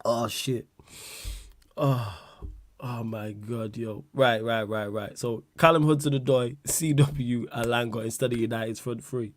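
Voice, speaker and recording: A man's voice: mid-range voice, steady tone, measured pace, dry recording, studio quality. A man hosting a casual livestream chat, laughing a lot, swearing and using slang while answering viewer questions.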